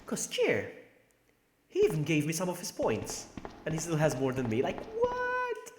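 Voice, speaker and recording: A man's voice: on the high side, huge pitch swings, normal speed. Chatty male streamer from Malta. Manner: chatty, talks to viewers while playing. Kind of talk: casual gaming livestream chat. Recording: echoey room with background noise.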